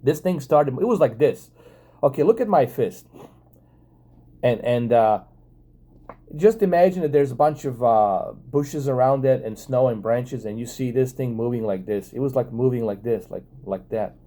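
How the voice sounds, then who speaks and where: Casual vlogger man, dark mellow tone, excitable and profane storytelling. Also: medium pitch, normal speed. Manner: excitable, profane, many fillers and restarts.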